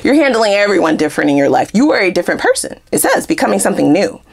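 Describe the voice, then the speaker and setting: Animated, sassy woman reading tarot. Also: mid-range voice, rapid-fire, gravelly. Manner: animated, laughing often, sassy asides. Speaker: tarot reader. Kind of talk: casual tarot reading to camera.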